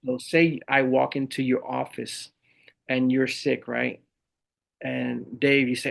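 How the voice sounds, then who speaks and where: A man's voice: medium pitch, takes it slowly, creaky. A middle-aged man, a guest on a podcast, talking casually about leadership and acting out the people in his stories. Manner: animated storytelling, acts out quoted people. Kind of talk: casual interview talk.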